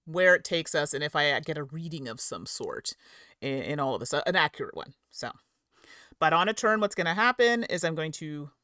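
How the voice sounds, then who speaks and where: Woman streamer, slightly low voice, dry close sound, chatty and giggly, keeps correcting herself. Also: lively intonation, fairly quick, sharp tone, dry recording. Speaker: streamer and host. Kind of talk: live-stream rules explanation and chat with viewers.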